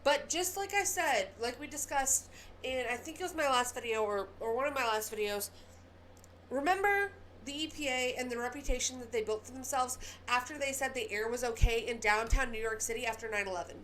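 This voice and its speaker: High, bright-voiced woman ranting to viewers. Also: expressive, brisk, slight background noise. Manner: emphatic, profane, talks straight to viewers. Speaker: political commentary host. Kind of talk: casual ranting commentary.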